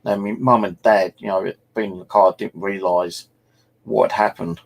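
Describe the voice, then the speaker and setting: A man's voice: on the low side, fairly even intonation, moderate pace, vocal fry. A middle-aged man from England, telling rambling, sweary anecdotes as host of a casual chat. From South East England. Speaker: channel host.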